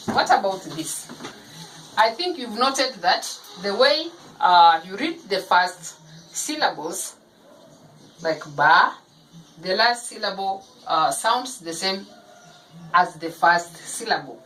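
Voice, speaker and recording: A woman teaching phonics, sounding out syllables slowly and repeating each one for parents of young children. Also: mid-range voice, animated, fairly bright tone, slight background noise, low-quality recording. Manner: slow, deliberate, repeating each syllable aloud.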